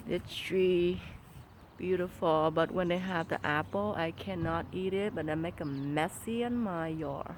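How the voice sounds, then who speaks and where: With a lowish, unhurried voice, a woman chats to her vlog audience from her yard while holding her phone. The mother talks in basic broken English, apologizing repeatedly, and background noise can be heard.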